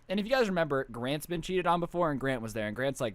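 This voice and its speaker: A young man tells a long story to his stream, rambling and joking, sometimes jumping into little voices for his friends. His voice is a bit high for a man and swings up and down a lot. It sits close and dry on the mic. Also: lively intonation, fast talker, hardly any pauses, a bit bright, clear, resonant tone, no echo. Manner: rambling, jokey, slips into mock voices for friends. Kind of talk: casual storytelling.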